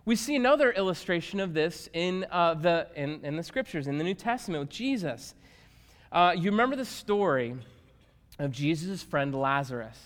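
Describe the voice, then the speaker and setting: A man preaching a sermon as a pastor, swinging from hushed tones to loud emphatic shouts. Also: fairly high pitch, expressive, normal speed. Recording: long reverb of a large hall.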